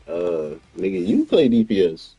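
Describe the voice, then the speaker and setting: A man giving casual, profane gaming commentary on stream, with animated, incredulous outbursts. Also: low-pitched, measured pace, breathy edge, no echo, highs cut off.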